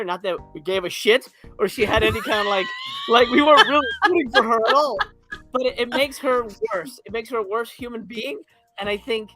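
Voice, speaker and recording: A man's voice: sits high, bright, forceful tone. A man on a movie review panel, talking in a crude, sarcastic, rambling way and laughing often. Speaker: podcast panelist. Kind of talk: casual movie review chat.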